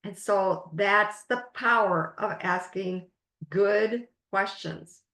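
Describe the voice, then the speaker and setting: A woman life coach leading a webinar masterclass, speaking in slow, emphatic, drawn-out phrases. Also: mid-range voice, fairly bright tone, reverberant.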